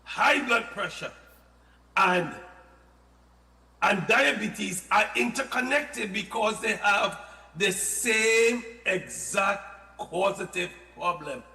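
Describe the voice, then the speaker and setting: A man explaining health products in casual, animated talk, often repeating words and adding playful asides. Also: sits high, slow pace. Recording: echoey studio with long reverb.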